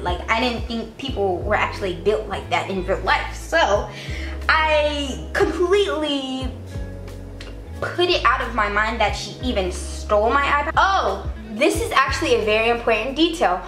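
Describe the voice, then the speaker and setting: Young woman, highish voice, chatty storytime, roomy echo, faint music behind. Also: fairly bright tone. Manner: chatty, repeats herself, fills with "like". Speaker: vlogger. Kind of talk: casual storytime.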